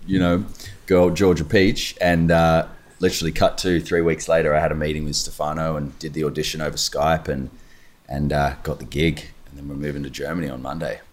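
A man, an actor guest, telling a story in casual chat with relaxed, drawn-out phrasing. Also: a bass voice.

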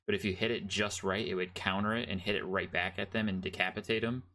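A man's voice: deep voice, steady tone, fast talker, sharp tone. A man co-hosting a casual podcast, telling a story with enthusiasm. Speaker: podcast co-host. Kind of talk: casual chat.

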